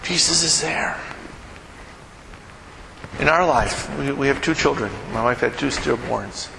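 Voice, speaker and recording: A middle-aged male pastor preaching a sermon, asking the congregation rhetorical questions and moving between hushed and raised delivery. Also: medium pitch, measured pace, gravelly. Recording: echoey hall with background noise.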